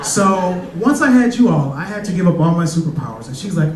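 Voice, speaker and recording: A man's voice: high voice, lively intonation, fairly quick, background noise. A man doing a casual stand-up comedy set, telling stories in a loose, conversational way. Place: comedy club stage. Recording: echoey club, distant mic, crowd. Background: audience laughter.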